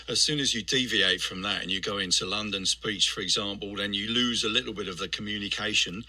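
A male dialect coach explains briskly and slips in little demonstrations of accents. His voice is very bright and sharply forward. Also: fairly low pitch, rough recording. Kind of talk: explanatory interview talk.

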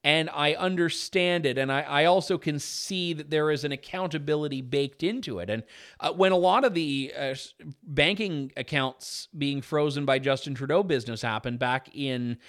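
A man's voice: a little high, normal speed, a bit bright. A man guest-hosting a talk show, reading out listener letters and reacting with opinionated commentary in a conversational way, with fillers and restarts. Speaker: guest radio show host.

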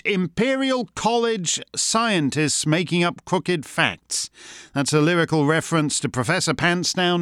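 A man's voice: on the high side, a bit bright, clean tone, no room sound, studio quality. A man hosting a satirical monologue, sardonic and mocking in manner. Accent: Canadian. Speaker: host.

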